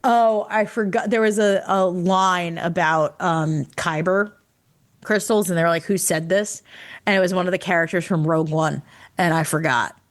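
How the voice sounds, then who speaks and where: A tired woman co-hosting a podcast in casual chat, excited and laughing often. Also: fairly low pitch. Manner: excited, laughs often, puts on quick character voices. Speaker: podcast co-host.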